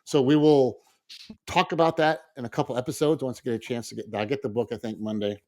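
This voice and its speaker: A man's voice: medium pitch, fairly even intonation, fast talker, darkish tone. A man co-hosting a podcast, chatting in a rambling, upbeat way. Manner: rambling, upbeat, lots of fillers and restarts. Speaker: podcast co-host. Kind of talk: casual chat.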